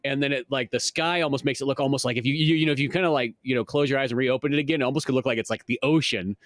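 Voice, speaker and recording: A man's voice: medium pitch, racing, fairly bright tone, dry recording, studio quality. A man co-hosting a podcast, rambling through a casual film review with lots of fillers and swearing. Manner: rambling, many fillers, swears and laughs often. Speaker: podcast co-host. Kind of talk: casual movie review chat.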